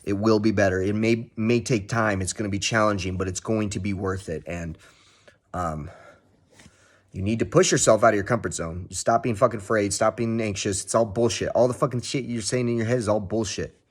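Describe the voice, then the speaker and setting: A man's voice: lowish voice, fairly even intonation, brisk. A young man vlogging a casual, heavily profane self-help pep talk. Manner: heavy swearing, pep-talk.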